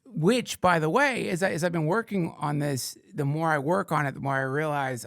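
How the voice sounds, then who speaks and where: A man hosting a podcast in casual chat, rambling, excitable and swearing freely. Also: a little high, moderate pace, vocal fry, few pauses, dry recording, clean studio sound. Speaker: podcast host.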